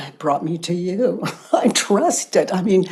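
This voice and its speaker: An older woman hosting a podcast, speaking softly and reflectively, often sinking into whispers between long pauses. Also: lowish voice, lively intonation, slightly rough. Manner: soft-spoken, drifting into whispers, long pauses. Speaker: podcast host. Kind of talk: slow reflective spiritual talk.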